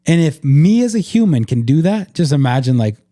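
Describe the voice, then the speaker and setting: Earnest, mellow-voiced man hosting a podcast. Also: on the high side, big pitch swings, a little fast, no echo, clean studio sound. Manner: reflective, earnest, filler-heavy with frequent "like". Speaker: podcast host. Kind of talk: casual faith-based chat.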